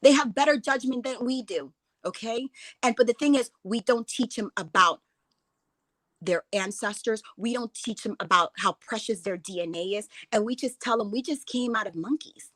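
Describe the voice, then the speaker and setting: Fervent, rambling higher-voiced woman. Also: normal speed, a bit bright, no echo. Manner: fervent, emotional, rambling with many restarts. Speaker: guest speaker. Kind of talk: impassioned livestream talk.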